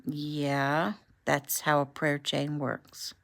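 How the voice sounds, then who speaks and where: Brief: subdued teenage boy, soft and low-key, read by a woman. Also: monotone, very slow, creaky, heavily acted.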